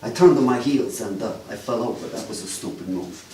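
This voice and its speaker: A man doing live character comedy as a detective, with deadpan mock-official patter aimed at the audience. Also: fairly low pitch, a little fast. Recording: echoey live room, distant mic, faint noise.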